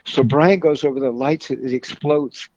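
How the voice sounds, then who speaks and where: A man's voice: medium pitch, steady tone, moderate pace, a little mellow, muffled recording. A man guest from a car club telling folksy stories in a casual way, often laughing at his own tales. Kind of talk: casual storytelling.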